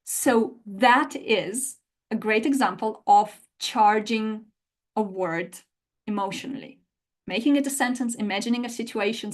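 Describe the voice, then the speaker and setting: Lively woman teaching a language lesson. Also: a little high. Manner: lively, explanatory, rephrases and repeats points.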